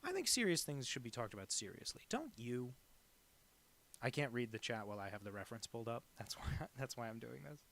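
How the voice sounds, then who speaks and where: Male cartoonist streamer, gravelly fry in the voice, deadpan and rambling as he draws live. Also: medium pitch, brisk. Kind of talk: casual chat while drawing live.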